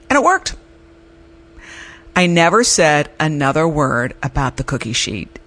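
A woman's voice: low-pitched, a bit bright. A middle-aged woman hosting an advice podcast, telling a personal story in a chatty, candid way. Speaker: podcast host. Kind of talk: casual advice monologue.

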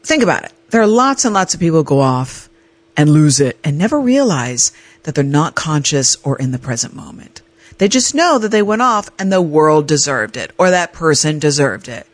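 A woman's voice: sits low, very animated, moderate pace, no room sound. A woman hosting a podcast who tells a personal story in a storytelling monologue and acts out the other people's lines in quoted voices. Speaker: podcast host.

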